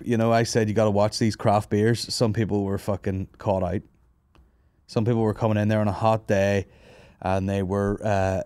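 A man's voice: on the low side, mellow, dry recording. A young man hosting a comedy podcast, telling stories with lots of swearing and laughing asides. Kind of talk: casual banter.

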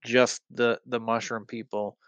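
Rambling man, bright clear voice. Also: medium pitch, level tone, measured pace, no echo, muffled recording. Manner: rambling, many fillers, swearing. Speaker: guest. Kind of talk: casual storytelling.

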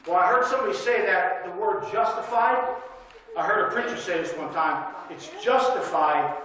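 A man with a high, light voice preaches in a folksy, conversational manner, telling stories and drawing amens from the congregation. His voice rings through a very echoey church room. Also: expressive, normal speed, a bit bright, slight background noise. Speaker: guest preacher. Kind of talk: sermon with storytelling. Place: church sanctuary.

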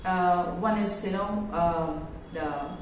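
A woman English teacher giving a lesson in a classroom, halting with many fillers. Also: lowish voice, noisy background. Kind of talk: explanatory lesson. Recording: very echoey room, voice far from mic.

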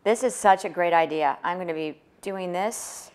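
A woman's voice: lowish voice, normal speed. A woman from Chicago co-hosting a cooking show, upbeat and full of questions. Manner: upbeat, asks lots of questions. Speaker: co-host.

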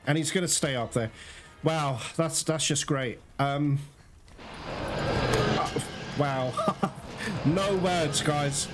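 A man's voice: fairly high pitch, extremely slow, long pauses, over music. A man giving live commentary while playing a video game, frustrated and swearing at the game as he talks to his viewers. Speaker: gaming channel host.

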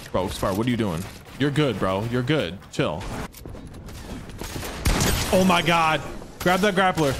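A man hosting a game tournament, giving excitable, trash-talking live commentary that swings into yelling. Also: medium pitch, unhurried, pauses often. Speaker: gaming streamer and tournament host. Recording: noticeable background noise.

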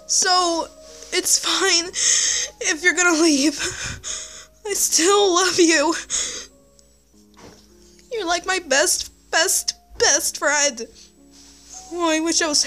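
A young female vlogger talking to camera, sighing often, halting and restarting her sentences. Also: very high voice, sharp tone. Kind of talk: emotional vlog to camera.

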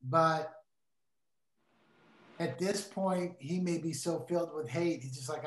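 A man's voice: on the high side, slow pace, long pauses. Emphatic man in a roomy room. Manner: earnest, emphatic, preacherly. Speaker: Bible study teacher. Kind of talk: casual Bible discussion. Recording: roomy echo.

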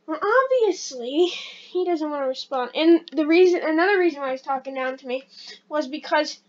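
A woman giving casual, rambling gameplay commentary as a channel host, excitable and self-deprecating. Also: high voice, normal speed, highs cut off.

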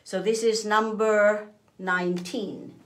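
A woman's voice: medium pitch, steady tone. A woman selling scarves in a live demonstration, walking viewers through each step patiently. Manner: slow, patient step-by-step instructions. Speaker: seller showing scarves.

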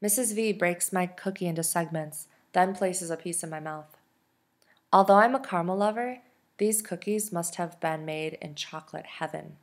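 A woman, a teacher, reading a novel aloud in soft, steady storytelling. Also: fairly low pitch, normal speed. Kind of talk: audiobook narration.

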